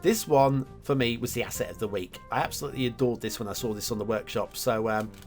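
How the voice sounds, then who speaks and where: A man's voice: medium pitch, fast talker, soft background music. A man hosting a game map review show, chatting enthusiastically with filler words and self-corrections. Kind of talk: casual game commentary.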